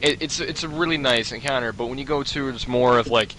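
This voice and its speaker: A man's voice: mid-range voice, brisk, pushed and bright, slight background noise, rough recording. A man co-hosting a casual gaming chat, rambling with many fillers and restarts. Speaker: podcast co-host.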